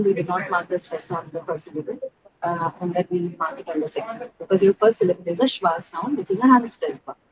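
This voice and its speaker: Patient woman teacher, noisy line. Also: medium pitch. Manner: explains step by step, asks questions then answers them; repeats key words for emphasis. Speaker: English teacher. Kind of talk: online pronunciation lesson. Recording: steady background noise.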